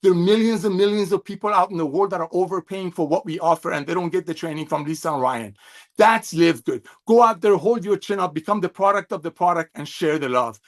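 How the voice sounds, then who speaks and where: A man's voice: high voice, quick pace, hardly any pauses. A middle-aged man giving a fervent, preachy sales training talk over a video call, firing off rhetorical questions and gushing praise. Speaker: network marketing trainer.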